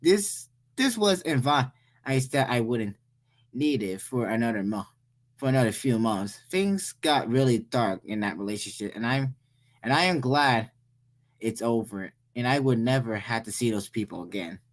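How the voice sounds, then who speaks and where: A man's voice: mid-range voice, lively intonation, moderate pace. A young man reading a Reddit story aloud, stumbling over words and restarting his sentences often. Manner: stumbling, frequent restarts and self-corrections. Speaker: story reader.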